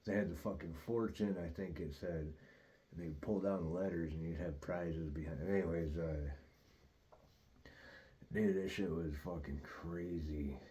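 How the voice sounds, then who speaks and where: A man with a very deep voice rambles through a story, cursing freely and dropping "dude" and "like" everywhere. His tone is dark and relaxed, with the loose flow of casual storytelling. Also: measured pace. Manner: profane, loose, peppered with "dude" and "like"; rambling and animated in retelling. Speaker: host.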